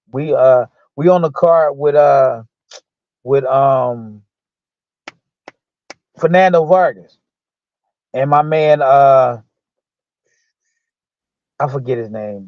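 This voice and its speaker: A man with a higher voice tells a long story from his fighting days, acting out each person's lines. His speech is loose, full of fillers and restarts. The sound is dull and lo-fi, and very dry. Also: dry recording. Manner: animated retelling that acts out quoted dialogue. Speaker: guest, former boxer. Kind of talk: casual storytelling.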